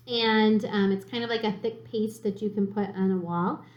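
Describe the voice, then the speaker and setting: A woman's voice: mid-range voice, steady tone, normal speed, muffled recording. A woman teaching a third grade reading lesson, patiently sounding words out syllable by syllable. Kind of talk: slow spelling lesson for children. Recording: echoey room.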